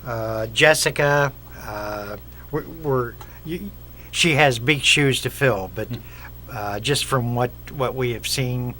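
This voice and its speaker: A man hosting a casual talk show, speaking haltingly with many restarts. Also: medium pitch, bright, forceful tone, slight background noise. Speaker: host. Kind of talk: casual chat.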